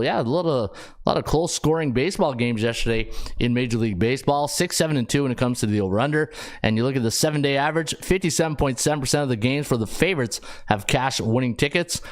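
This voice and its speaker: A man's voice: medium pitch, fast talker. A middle-aged man with a Canadian accent hosting a sports betting podcast, chatting to viewers by name between rattled-off stats. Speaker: host, sports handicapper.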